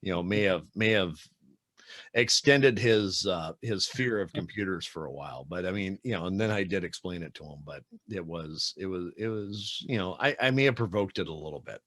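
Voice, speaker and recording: A man's voice: low-pitched, moderate pace, a bit bright, no room sound, clean studio sound. A man hosting a podcast, chatting casually and telling rambling stories with laughs. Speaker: podcast host. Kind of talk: casual chat.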